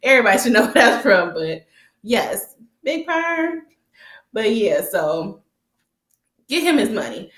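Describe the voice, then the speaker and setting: Animated, profane woman recapping TV. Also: mid-range voice, measured pace, pauses often, roomy sound. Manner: animated, profane, laughs often. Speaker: TV recap vlogger. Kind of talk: casual episode recap.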